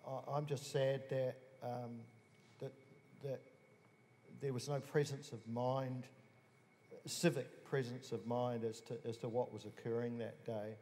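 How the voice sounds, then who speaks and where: New Zealand man, middle-aged, panelist; halting, earnest delivery; long hall echo, faint hiss. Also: mid-range voice, little pitch movement, mellow. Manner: earnest, halting, with many restarts. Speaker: musician on a panel. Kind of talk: panel discussion, personal recollection. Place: museum hall.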